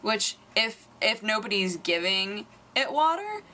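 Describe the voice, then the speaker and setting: Lively, bright-voiced young woman vlogger. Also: a little slow. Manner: animated, acts out quotes in squeaky voices. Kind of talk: casual storytelling vlog.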